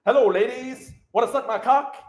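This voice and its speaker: A man's voice: very high-pitched, normal speed, a little mellow, voice pushed up. A man putting on a boastful male streamer who flexes for women, crude and cocky.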